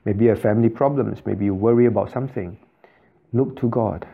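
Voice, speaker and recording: A man's voice: lowish voice, a little fast, vocal fry, husky, narrow, tinny audio. A male pastor preaching a sermon, often asking his congregation questions and repeating phrases for emphasis. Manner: asks the congregation frequent rhetorical questions.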